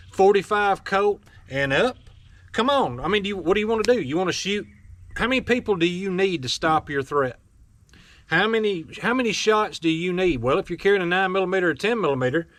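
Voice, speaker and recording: Guy, high voice, folksy and mocking, lecturing his viewers on a vlog. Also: fairly bright tone, no room sound. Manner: blunt, scolding, folksy, with mocking asides. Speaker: firearms vlogger. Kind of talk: opinionated rant to camera.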